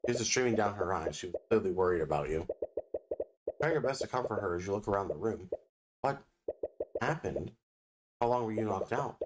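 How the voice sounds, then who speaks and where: A male streamer reading a story game aloud on a live stream, narrating with quick joking asides. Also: fairly low pitch, animated. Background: game music.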